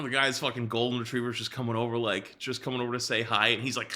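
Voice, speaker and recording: Casting: male streamer, bright forceful tone, rambling casual chat, casual swearing. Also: medium pitch, steady tone, racing, hardly any pauses.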